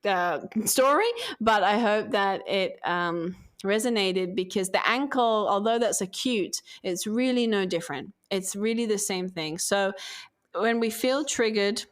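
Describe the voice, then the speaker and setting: A woman's voice: medium pitch, unhurried. A woman, a podcast guest and self-healing coach, telling a candid personal story and acting out her own thoughts. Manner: animated, expressive, acts out her own thoughts.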